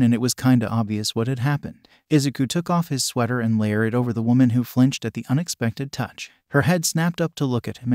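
A man's voice: medium pitch, darkish tone, no echo, clean studio sound. A man narrating a fan-fiction story aloud in a literal, plain reading manner.

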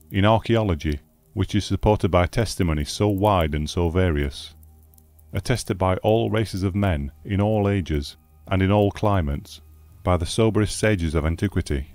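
A man voicing an eloquent, bitter aging scholar in an audiobook, with measured, declamatory delivery. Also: sits low, a little mellow, no room sound, lightly acted. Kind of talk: audiobook character reading.

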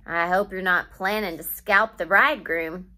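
A woman's voice: fairly low pitch, normal speed, bright, forceful tone. A woman voicing a joshing frontier blacksmith uncle. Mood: teasing. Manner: joshing, easygoing. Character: teasing good-humored frontier blacksmith uncle.

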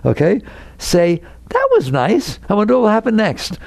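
Male spiritual teacher giving an inspirational talk, gravelly and slightly high, swoops around a lot, acts out worried voices. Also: normal speed, no room sound. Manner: animated, acts out neurotic inner voices.

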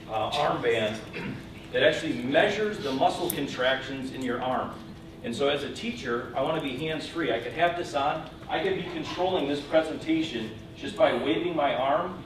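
A man giving an enthusiastic, fast-paced demo of classroom gadgets at a public event. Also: on the high side. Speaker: presenter. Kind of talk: quick demo talk. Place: museum event room. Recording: echoey room from far off, noisy.

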